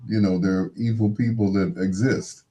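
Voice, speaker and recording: A man's voice: fairly low pitch, fairly even intonation, normal speed, mellow. A man hosting a call-in show, chatting casually with callers, with short affirming murmurs and frequent laughs.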